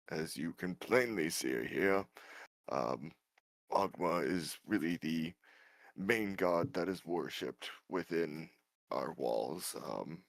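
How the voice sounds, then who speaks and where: A man's voice: deep voice, lively intonation, takes it slowly, heavily acted. A man playing a fussy, formal male tour guide who is eager to please. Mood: explaining.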